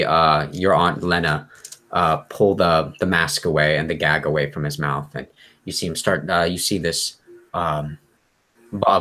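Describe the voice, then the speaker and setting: A young man narrating as game master, halting with many fillers. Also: a bass voice, sharp tone.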